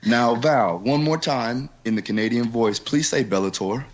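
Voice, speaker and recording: A man's voice: medium pitch, moderate pace, highs cut off, slight background noise. A man co-hosting a podcast, joking easily and repeating his phrases. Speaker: podcast co-host. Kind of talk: casual banter.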